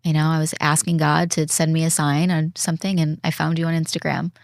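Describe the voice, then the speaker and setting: A woman in her thirties speaking as a podcast guest in an earnest, reflective way, slowing down to stress her points. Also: low-pitched, flat delivery, gravelly, no echo, studio quality. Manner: earnest, reflective, slows down when emphasizing. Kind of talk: casual heartfelt conversation.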